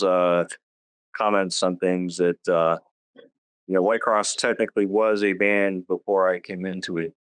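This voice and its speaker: A man, a band's guitarist, telling the band's history in a relaxed, rambling way with many fillers. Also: deep voice, smooth, dry recording. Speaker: band guitarist. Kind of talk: casual interview.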